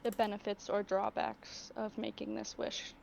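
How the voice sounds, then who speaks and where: A woman's voice: medium pitch, flat delivery, normal speed, gravelly, a little hiss or hum. A woman running an online tabletop game as game master, narrating playfully and drawing out her words.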